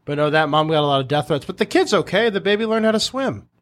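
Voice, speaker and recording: A man's voice: fairly high pitch, fast talker. A man hosting a podcast, telling stories in a casual chat and acting out the voices of people in them. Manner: animated storyteller who acts out voices. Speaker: podcast host.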